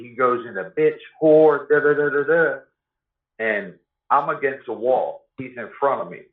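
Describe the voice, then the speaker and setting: A man telling a story in blunt, profane street talk, often asking "you know what I mean". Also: on the low side. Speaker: guest telling his life story. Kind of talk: casual storytelling. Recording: echoey room over a tinny phone-like line.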